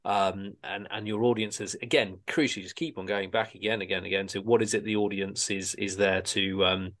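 A man's voice: lowish voice, fairly even intonation, moderate pace, a bit bright. A man co-hosting a podcast in casual chat, rambling and searching for his words as he talks. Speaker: podcast co-host.

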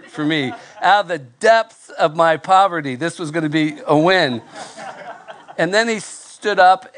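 A male pastor preaching to a live congregation, telling a self-deprecating story in a nasal, fairly monotone voice with halting restarts. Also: on the high side. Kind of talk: sermon with personal story. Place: church before live congregation.

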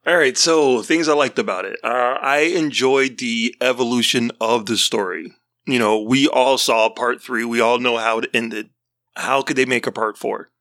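A man co-hosts a casual movie-review podcast in an easygoing way, laughing often. His voice is bright and forward. The sound is dry and close. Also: medium pitch, moderate pace, no echo. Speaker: podcast co-host.

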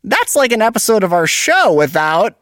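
A woman's voice: medium pitch, sing-song, moderate pace, fairly bright tone. A woman playing Jimmy, a cheerful, cookie-loving male host who floats, with goofy, dramatic delivery in a kids' audio comedy. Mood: excitable. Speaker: podcast co-host.

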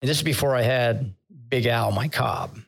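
Retired officer, older man, gravelly, candid storyteller who laughs at himself, mid-pitched. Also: normal speed. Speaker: retired vice admiral, podcast guest. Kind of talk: conversational storytelling interview.

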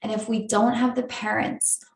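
A woman hosting a podcast, explaining things in a gentle, reassuring way. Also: fairly high pitch, flat delivery, normal speed. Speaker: podcast host. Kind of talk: educational podcast talk. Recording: roomy echo.

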